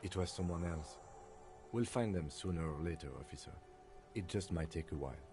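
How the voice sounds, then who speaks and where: Calm cop partner, low, reassuring, music behind. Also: male voice, a little fast.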